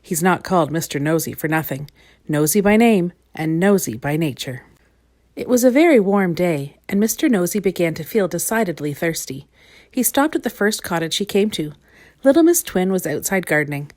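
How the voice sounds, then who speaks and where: A woman's voice: lowish voice, moderate pace. Woman reading a children's story. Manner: gentle, expressive read-aloud.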